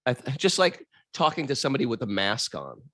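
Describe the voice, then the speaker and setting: A man co-hosting a casual spiritual chat, playful and quick to laugh, with loose asides between his points. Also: mid-range voice, huge pitch swings, a bit bright, no echo, studio quality. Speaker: co-host answering questions.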